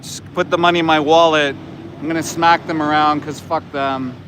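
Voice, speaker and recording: A man's voice: on the high side, steady tone, normal speed, fairly bright tone, slight background noise, close to an everyday voice. A man putting on a callous, foul-mouthed slaughterhouse worker in crude, sneering mockery. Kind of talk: mocking impression on a livestream.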